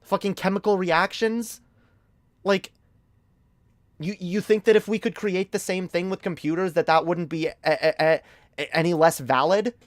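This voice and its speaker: A man's voice: high-pitched, fairly even intonation, moderate pace, no echo. A man streaming a heated, casual commentary rant, emphatic and profane, often stumbling over repeated words.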